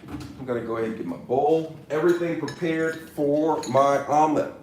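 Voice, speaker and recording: A man's voice: fairly high pitch, moderate pace, a little mellow, slight background noise. A man doing a casual cooking demo in his kitchen, hamming it up with mock-serious tips and repeated catchphrases. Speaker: cooking vlogger. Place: home kitchen.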